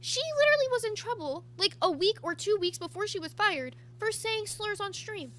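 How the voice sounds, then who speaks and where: A woman with a very high, bright voice who argues her point with emphatic indignation. She speaks casually among friends. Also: lively intonation, moderate pace. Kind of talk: casual chat.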